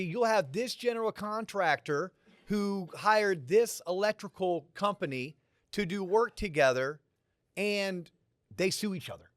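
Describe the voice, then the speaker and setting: A man's voice: high voice, no room sound, clean studio sound. A man hosting a podcast, giving motivational business advice to a college audience. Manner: motivational, conversational. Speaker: podcast host. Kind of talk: talk in front of a college audience.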